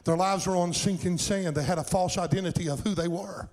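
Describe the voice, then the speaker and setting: A middle-aged male pastor preaching a sermon, calling out to the congregation and building up to shouts at his high points. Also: steady tone, fairly quick, rough recording. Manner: preaching with call-and-response cries, rising to shouts.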